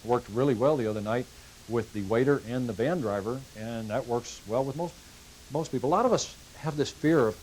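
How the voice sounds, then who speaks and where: On a hissy, low-quality 1990s VHS tape, a middle-aged man leads a car sales training session in a folksy manner, acting out calls with customers. His voice is medium-pitched, a little fast and somewhat dark in tone.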